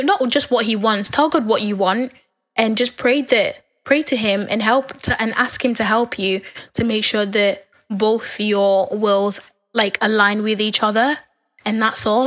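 A young adult woman hosting a podcast alone, talking in a candid, rambling, chatty way, her voice a little hoarse from talking so long. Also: mid-range voice, fairly bright tone. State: losing her voice, a bit hoarse. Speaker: podcast host. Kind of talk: casual podcast monologue.

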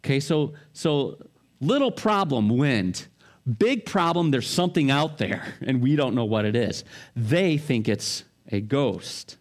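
A man's voice: mid-range voice, expressive, measured pace. Conversational man preaching a sermon. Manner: conversational, rhetorical questions, personal anecdotes. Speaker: pastor.

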